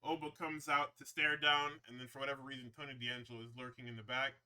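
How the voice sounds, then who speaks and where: A man's voice: medium pitch, level tone, fast talker, bright, forceful tone, clean tone. A man hosting a podcast, recapping wrestling shows in a rambling, profane, casual way with frequent laughs. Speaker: podcast host.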